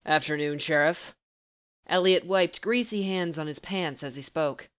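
A woman reading fan fiction aloud as an audiobook narrator with steady, even storytelling. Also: fairly low pitch, normal speed, smooth.

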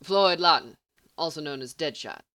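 A woman's voice: low voice, lively intonation, normal speed, pushed and bright, dry recording, clean studio sound. A woman reading the lines of a cocky hitman who talks in a lazy drawl. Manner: drawling, casual.

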